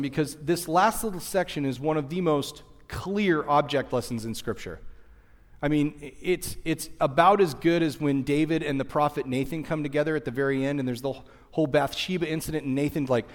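Male pastor, animated sermon delivery, slightly high voice, long hall echo. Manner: animated, acts out voices of people in the story.

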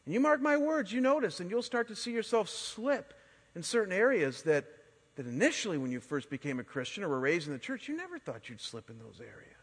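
A man in his forties, a pastor preaching a sermon and telling stories in an animated way, often restarting his words. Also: sits high. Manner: animated storytelling with frequent word restarts. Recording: long hall reverb.

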